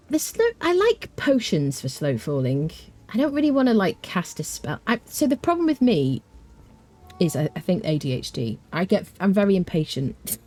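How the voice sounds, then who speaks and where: A woman's voice: low-pitched, mellow. A British woman streaming a game live, chatting casually, rambling with fillers and answering her chat. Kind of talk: casual live gameplay commentary.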